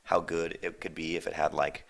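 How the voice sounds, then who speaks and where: A young man from San Diego answering rapid-fire questions in a casual, rambling chat. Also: very deep voice, level tone, creaky, fairly bright tone. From San Diego, USA. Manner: rambling, laid-back, lots of fillers. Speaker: band member answering questions.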